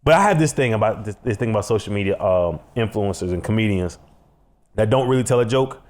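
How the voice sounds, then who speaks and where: A man's voice: fairly low pitch, expressive, fast, darkish tone. A man with a Chicago accent co-hosting a casual comedy podcast, joking and laughing through playful banter. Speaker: podcast co-host.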